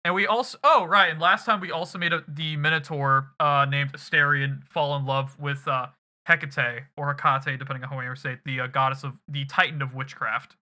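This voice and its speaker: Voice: mid-range voice, steady tone, fairly quick, few pauses, pushed and bright. A streamer recapping a game to chat in a loose, rambling, casual way with some swearing.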